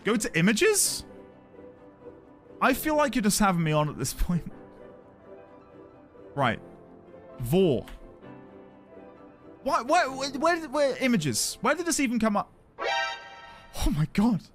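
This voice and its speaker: Excitable high-pitched male streamer. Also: slow pace, long pauses, faint music behind. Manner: excitable, laughing, exclaiming. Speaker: game streamer. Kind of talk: excitable gameplay clips.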